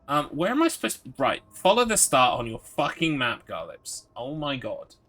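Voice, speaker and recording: A man hosting a live game stream, talking to his chat in a friendly, upbeat flow and laughing often. His voice sits in the middle range for a man, with a bright, forward tone. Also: medium pitch, wildly swooping pitch, normal speed, faint music behind.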